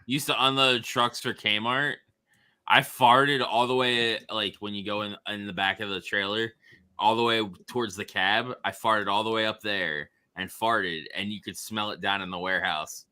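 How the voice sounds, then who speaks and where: A man with a fairly low voice whose tone is still very bright and sharp. He talks slowly and dryly at a wrestling watch party, drawing his words out as he tells crude stories. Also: steady tone, clean tone. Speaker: guest. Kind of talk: crude casual chat with friends.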